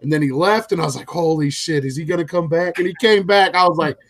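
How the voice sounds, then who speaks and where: A man in casual podcast chat, excitable and chatty. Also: a little high, quick pace. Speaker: podcast host.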